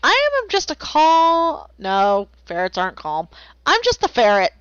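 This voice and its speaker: A woman's voice: high-pitched, wildly swooping pitch, measured pace, fairly bright tone, dry recording. A woman streaming while she draws, chatting casually and playfully, rambling and making silly noises. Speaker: streamer drawing commissions. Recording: slightly dull lo-fi, dry.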